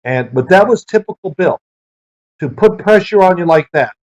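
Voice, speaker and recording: A middle-aged man, a former football player, answering interview questions with lively anecdotes. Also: high-pitched, moderate pace. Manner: lively storyteller who acts out quoted people. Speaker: interview guest, former pro quarterback. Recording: dull lo-fi sound.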